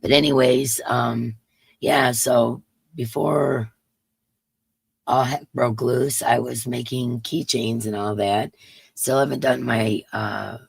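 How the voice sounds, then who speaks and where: A woman's voice: a bass voice, steady tone, slow pace, creaky, slightly rough, no room sound. A woman hosting a crochet livestream, chatting casually and rambling to her viewers. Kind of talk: casual chat to live viewers.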